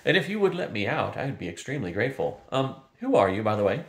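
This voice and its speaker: A man's voice: mid-range voice, very animated, fast talker. An older man voicing a polite, bashful young prince turned to stone, earnest and a bit hesitant. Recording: roomy echo.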